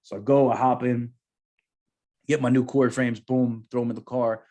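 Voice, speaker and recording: A man in his thirties, a podcast co-host telling a story casually, animated and profane with lots of slang. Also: medium pitch, normal speed.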